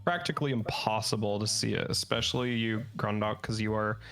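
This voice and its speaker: A man's voice: fairly low pitch, steady tone, brisk, a bit bright, faint music behind. A man narrating as game master for a tabletop game, setting scenes vividly and pressing players with questions.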